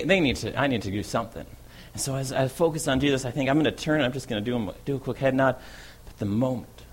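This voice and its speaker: An eager, bold fisherman apostle, as a man plays him in a first-person dramatic monologue. He tells his story in a loose, conversational way. He keeps checking in with a quick "right?". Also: medium pitch, slightly rough.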